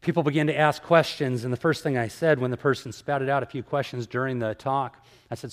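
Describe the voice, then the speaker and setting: A man giving a sermon-style talk, telling stories with lively acted-out dialogue. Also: medium pitch, a little fast, long reverb tail. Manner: animated storyteller, acts out dialogue. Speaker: evangelist speaker.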